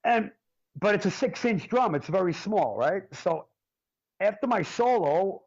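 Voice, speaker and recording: Animated joking male drummer, lo-fi. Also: sits high, measured pace. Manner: animated, jokey, swears freely. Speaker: drummer, interview guest. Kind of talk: casual storytelling.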